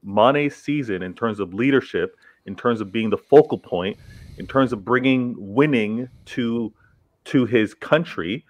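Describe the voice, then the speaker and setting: A man's voice: medium pitch, unhurried, no echo, muffled recording. A man with an accent, arguing football points in a casual panel chat with emphatic repeats. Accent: non-English accent.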